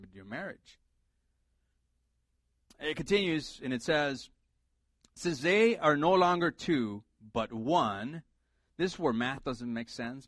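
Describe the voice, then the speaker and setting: A man's voice: medium pitch, fairly bright tone, no echo. Man preaching a casual, humorous sermon. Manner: conversational, humorous preaching with emphatic repetition. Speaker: pastor.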